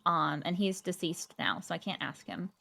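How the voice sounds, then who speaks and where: Her voice is fairly low, creaky, pushed, and bright, moving at a moderate pace as she casually chats and often laughs with her live chat. She's a woman streamer from Georgia, US South, not a native English speaker, with a generic American accent carrying a slight Midwest hint.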